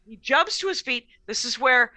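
A middle-aged woman comedian telling a story in a casual podcast chat, animated, laughing often and swearing freely. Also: high voice, moderate pace, no echo. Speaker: comedian guest.

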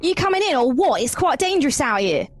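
A woman voicing a gruff, sniffing, axe-carrying man, with a put-on Cockney accent that slips toward Australian. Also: high voice, very animated, a little fast, pitched above the performer's own voice. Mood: coaxing. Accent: put-on Cockney drifting to Australian. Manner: coaxing, casual slang.

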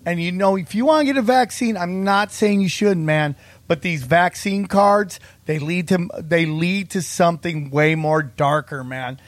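High-voiced earnest man, dry close sound. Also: measured pace, no echo. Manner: earnest, emphatic, peppered with "man". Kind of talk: casual chat.

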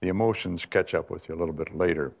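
An older man, a veteran newsman, telling stories in a measured, reflective way with frequent pauses and restarts. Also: deep voice, gravelly, a little mellow. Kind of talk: reflective conversational storytelling.

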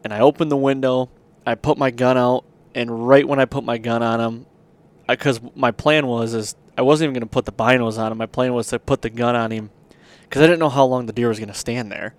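A man's voice: medium pitch, fairly even intonation, fairly quick. A man hosting a podcast, telling a long hunting story in a rambling, casual way with lots of fillers. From Michigan. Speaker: podcast host.

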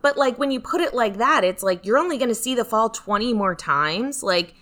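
Bright-toned young woman chatting casually. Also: fairly high pitch, expressive, fairly quick. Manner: rambling, filler-heavy, emphatic. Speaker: podcast co-host. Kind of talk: casual chat.

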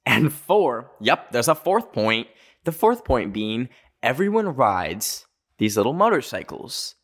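A young man from North America tells a story in a loose, conversational way. His speech is full of fillers and quick asides, and he catches himself mid-sentence. His voice sits at an ordinary middle pitch. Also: big pitch swings, a bit bright. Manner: chatty, full of "like" fillers, jumpy self-corrections. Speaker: vlogger. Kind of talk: casual storytelling.

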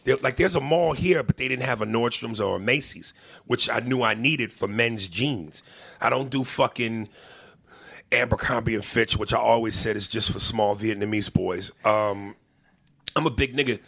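A man hosting a casual, profane chat, talking loud and animated and swearing freely. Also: medium pitch, moderate pace, creaky, breathy edge.

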